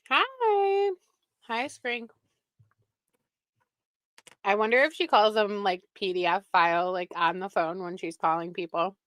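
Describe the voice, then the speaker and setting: A woman's voice: medium pitch, a little slow, pauses often, a bit bright, no room sound. A woman hosting a live stream, chatting casually and with exasperation, laughing often, close to the microphone. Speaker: livestream reaction host.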